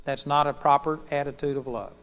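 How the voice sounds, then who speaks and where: A preacher delivering a sermon to a congregation in an auditorium, swinging between loud emphatic bursts and quiet asides. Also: male voice, fairly high pitch, fairly even intonation, brisk, big-room sound, dull audio.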